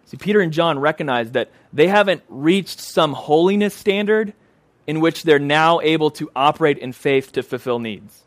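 A man's voice: a little high, animated, normal speed, no room sound. Emphatic man preaching a sermon. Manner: emphatic, repeats phrases for stress.

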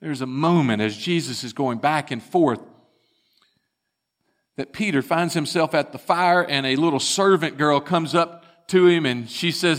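A man preaching in a church, his voice bright and edged. He talks slowly and deliberately, telling scripture as drama and dropping to a hush for the weighty moments. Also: on the high side. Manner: dramatic storytelling, retelling scripture with swings from loud to hushed. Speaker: pastor. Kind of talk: sermon.

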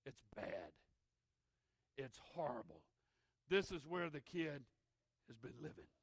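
A middle-aged man preaching a sermon, swinging from shouted preaching to hushed intensity, with a gravelly voice. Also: a little high, very animated, takes it slowly, no room sound. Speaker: pastor.

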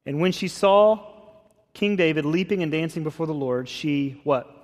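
A man pastor preaching a sermon in a conversational, expressive way. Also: fairly high pitch, normal speed. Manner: conversational, expressive, acts out scripture quotes. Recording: long hall reverb.

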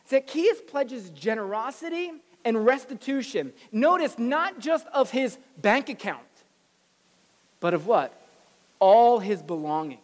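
A pastor preaching a sermon in a lively, animated way, acting out the voices of the people in the story. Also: mid-range voice, unhurried, long reverb tail.

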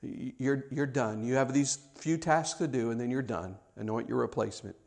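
A man preaching, voicing God in a low, quiet and firm tone as He addresses a prophet. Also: moderate pace, vocal fry, natural voice. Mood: stern. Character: God, calm and stern, speaking to a prophet.

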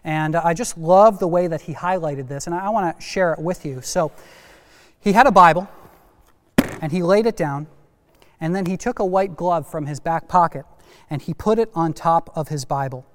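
High-voiced preacher in a big reverberant hall. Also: male voice, normal speed. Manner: lively, talks to kids in the congregation. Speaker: pastor. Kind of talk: sermon.

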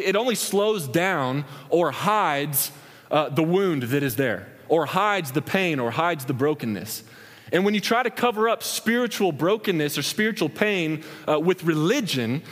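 A young man preaching a sermon in a large hall, acting out scenes as he tells stories. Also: sits high. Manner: animated storytelling, acts out scenes with hand gestures. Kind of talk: sermon with acted-out examples. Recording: long hall reverb.

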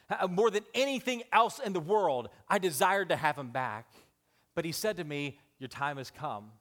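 A man in his thirties preaching a sermon. He swings from loud, excited appeals to hushed, emotional storytelling, with halting restarts along the way. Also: medium pitch. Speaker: pastor.

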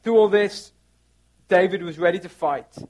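A pastor preaching a sermon, reading scripture aloud with earnest, rising emphasis. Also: male voice, sits high, normal speed, darkish tone.

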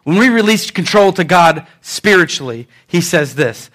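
A man preaching a sermon as pastor, animated, swinging between loud and soft, acting out quotes. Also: sits high, normal speed, hardly any pauses.

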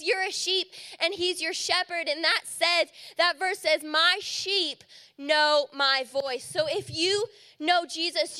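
A woman's voice: high voice, bright, forceful tone. A woman youth leader giving an earnest, encouraging sermon to young people. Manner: earnest and encouraging, rising emphatic phrases.

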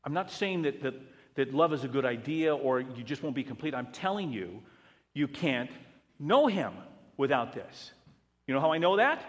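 A male pastor preaching a sermon, swinging between loud emphatic passages and hushed ones. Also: mid-range voice, animated, moderate pace, pauses often. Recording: long reverb of a large hall.

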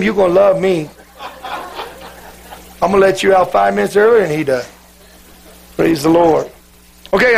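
Male pastor, raspy and high, playful banter, fervent in prayer. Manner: joking, playful with the congregation; fervent worship-leading in prayer. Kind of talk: sermon.

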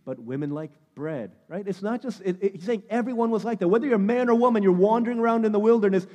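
A man preaching a sermon in a conversational, emphatic way, pressing hard on key words and then dropping to a hush. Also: big-room sound. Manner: conversational, emphatic preaching that swings between loud stress and hushed lows. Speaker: pastor.

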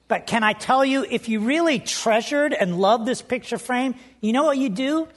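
A woman's voice: a little high, normal speed, hardly any pauses. A woman preaching a sermon in a conversational storytelling way, asking the congregation questions. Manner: conversational, storytelling, asks the audience. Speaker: pastor.

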